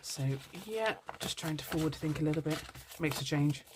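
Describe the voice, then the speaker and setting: A woman's voice: low-pitched, moderate pace, background noise. A woman chatting in a casual budgeting vlog, bubbly and apologetic, with lots of ums. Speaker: budgeting vlogger.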